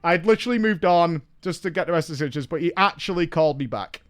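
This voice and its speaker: A man hosting a casual stream chat, telling an animated story with laughs and casual swearing. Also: fairly high pitch, quick pace. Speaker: streamer host.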